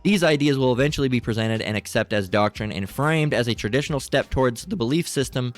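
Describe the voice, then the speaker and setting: A man's voice: medium pitch, quick pace, soft background music. A middle-aged man in a crude, profane, rambling commentary, reading text aloud and asking "right?" a lot. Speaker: channel host.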